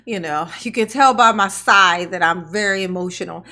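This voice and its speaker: A woman's voice: mid-range voice, bright, forceful tone. A woman giving casual live-stream reaction commentary, sarcastic and mocking, often laughing.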